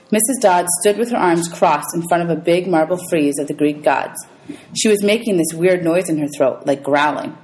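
A woman teacher reading a novel aloud to her students, telling it in a lively storytelling way. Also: lowish voice, low-quality recording. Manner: lively storytelling with voices for characters.

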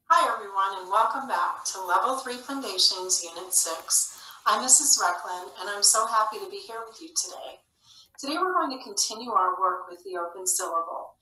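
A woman teacher with a bright tone explains a phonics lesson gently, step by step. She sounds a little way off from the mic in a roomy, echoing space. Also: mid-range voice, lively intonation, normal speed. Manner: gentle, explanatory classroom delivery. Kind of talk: recorded video lesson. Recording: roomy, somewhat distant.

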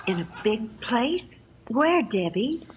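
A woman's voice: on the high side, sing-song, slow pace, dull audio, a crowd in the background. An actress playing a frightened young mother, anxious and pleading, on an old film soundtrack heard in a live theater. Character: frightened young mother searching for her child.

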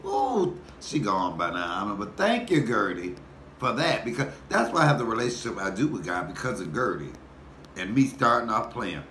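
Low-voiced man telling a story, echoey room. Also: moderate pace. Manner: animated, folksy, talks to viewers as y'all. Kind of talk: casual storytelling mukbang. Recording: echoey room with faint background noise.

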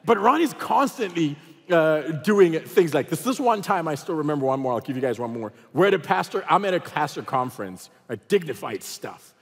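A man preaching a sermon as pastor, telling funny stories in an animated way and acting out voices. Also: on the high side, brisk, long reverb tail. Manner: animated storytelling, acts out voices. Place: large church auditorium.

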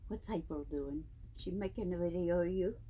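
A woman in her seventies at home, talking to her pet snake in a high, sing-song baby-talk voice and laughing often. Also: normal speed, warm tone, slightly rough. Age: 70s. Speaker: snake owner. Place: indoors at home.

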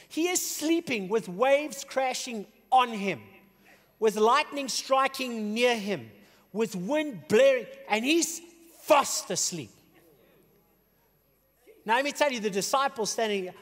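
A male pastor preaching a sermon in an animated way, swinging between shouted peaks and hushed, low passages. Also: big-room sound. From South Africa. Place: church auditorium.

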